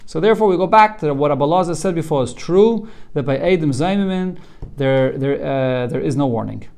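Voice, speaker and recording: Man teaching a Talmud class, slightly higher voice, earnest, repeats words as he starts. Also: expressive, fairly quick, gravelly, a little mellow. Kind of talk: explaining a text line by line to students.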